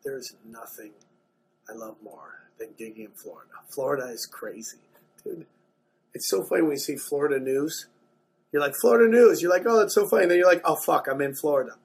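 A man doing stand-up, telling a profane story in an animated way, dropping to mumbled asides and jumping to loud bursts. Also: sits high, breathy edge. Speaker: stand-up comedian.

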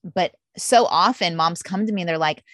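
Lively storytelling woman, lowish voice. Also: moderate pace, no echo, clean studio sound. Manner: lively storytelling, voices her own past thoughts. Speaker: podcast host appearing as guest. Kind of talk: candid conversational interview.

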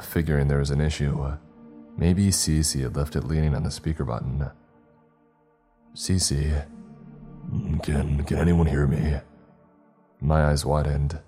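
A male horror narrator reads in a measured, steady way, his voice extremely deep and dark. It carries a husky texture, with faint music running under the reading.

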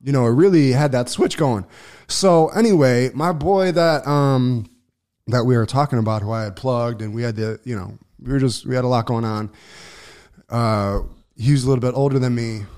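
A man telling a long personal story on a casual podcast, swearing freely, restarting sentences and getting loud when excited. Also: mid-range voice, fairly quick. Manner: profane, rambling, lots of restarts and fillers; gets loud and excited when reliving events. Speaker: podcast co-host.

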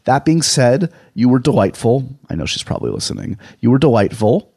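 A man's voice: medium pitch, animated, brisk, gravelly, few pauses, darkish tone, slightly rough, no room sound, studio quality. A man with a New York accent hosting a podcast, talking in a rambling, self-deprecating, chatty way. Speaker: podcast host. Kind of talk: casual podcast monologue.

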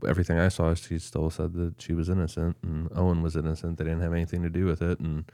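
A man co-hosting a casual podcast chat, relaxed and matter-of-fact. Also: sits low, fast talker, no room sound, clean studio sound. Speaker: podcast co-host.

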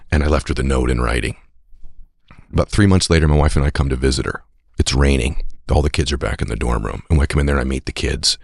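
A man telling an emotional personal story on a played clip, intense at times and dropping to soft, whispered tenderness. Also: very deep voice, fast, creaky, husky, no room sound, studio quality. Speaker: guest speaker on a played clip.

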